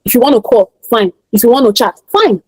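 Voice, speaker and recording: Nigerian woman instructor, rapid emphatic delivery, husky mellow tone, dry close sound, repeats points to drive them home. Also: a little high, lively intonation, no echo, rough recording. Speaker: online class instructor. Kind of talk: teaching a class.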